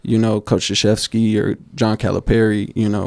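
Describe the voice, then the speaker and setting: Gravelly, mellow-voiced man telling stories. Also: fairly low pitch, moderate pace, few pauses, dry recording, studio quality. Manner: animated storyteller acting out quotes. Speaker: podcast co-host; youth basketball coach. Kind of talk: casual storytelling chat.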